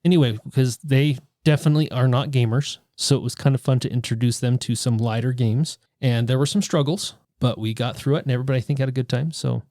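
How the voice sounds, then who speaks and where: A man co-hosting a casual board game podcast, telling stories quickly and expressively. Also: mid-range voice, fairly even intonation, a little mellow, no echo, studio quality. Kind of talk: casual chat.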